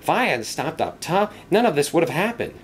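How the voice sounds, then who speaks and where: A man's voice: fairly high pitch, big pitch swings, a little fast, slight background noise, voice pushed up. A man voicing a kind, cheerful young male engine who talks in a friendly, earnest way, in a storybook tale. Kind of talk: storybook character voice.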